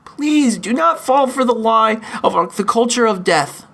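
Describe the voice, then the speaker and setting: A man hosting his own podcast, delivering an emotional, pleading opinion monologue with frequent halting restarts. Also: very high voice, animated, creaky, fairly bright tone. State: in chronic pain. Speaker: podcast host.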